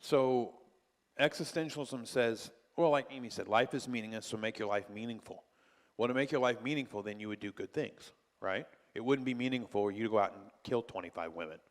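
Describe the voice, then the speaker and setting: A male pastor teaches a church class in a large church hall, speaking conversationally and asking plenty of rhetorical questions. His voice is medium in pitch and a little fast.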